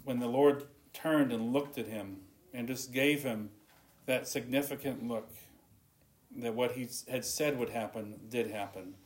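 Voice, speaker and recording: A man preaching a sermon in an earnest tone, his voice dropping softly at the ends of phrases. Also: medium pitch, measured pace. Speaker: pastor.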